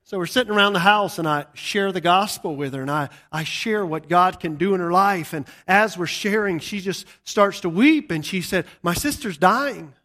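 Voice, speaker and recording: High bright-voiced male preacher. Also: moderate pace, hardly any pauses. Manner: animated, acts out voices in his story. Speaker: pastor. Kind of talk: sermon with storytelling.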